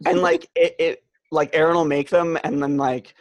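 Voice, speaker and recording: A man's voice: fairly high pitch, flat delivery, moderate pace, dry recording, muffled recording. A man co-hosting a casual podcast chat, rambling and hesitant, with lots of "um"s. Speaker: podcast co-host.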